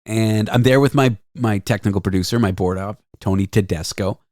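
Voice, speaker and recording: A man hosting a podcast, telling stories in an animated, self-deprecating way. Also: fairly low pitch, normal speed, dry recording, studio quality. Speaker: podcast host. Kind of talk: casual chat.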